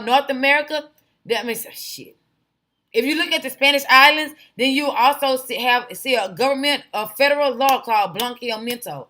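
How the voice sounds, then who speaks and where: A woman's voice: fairly high pitch, sharp tone. A woman hosting a casual livestream, talking bluntly to her viewers and drifting off on tangents. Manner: rambling, tangent-prone, blunt; talks to her chat viewers directly. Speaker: livestream host.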